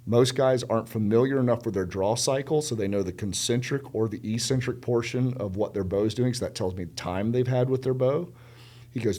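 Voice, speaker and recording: A middle-aged man from South Carolina, a podcast guest telling stories in casual conversation, animated and emphatic, acting out the people he quotes. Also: on the low side. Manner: animated, acts out quoted dialogue; emphatic, repeats words for stress.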